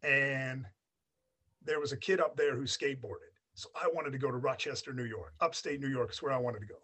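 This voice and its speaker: A man's voice: medium pitch, fairly quick, sharp tone, husky. A man in his forties, raised in Australia by an American family, with a blended American-Australian accent, telling his story in a rambling, chatty way with many fillers. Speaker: guest. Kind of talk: casual storytelling interview.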